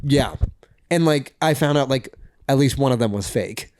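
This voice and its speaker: A young man co-hosting a podcast in relaxed, joking casual chat, laughing often. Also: mid-range voice, normal speed, dry recording. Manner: relaxed, laughs often, lively swearing banter. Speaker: podcast co-host.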